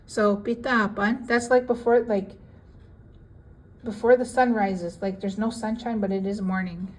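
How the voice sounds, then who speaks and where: A woman giving a casual language lesson, reading out word lists with their English meanings in a relaxed, chatty way. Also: mid-range voice, unhurried, low-quality recording. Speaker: language teacher.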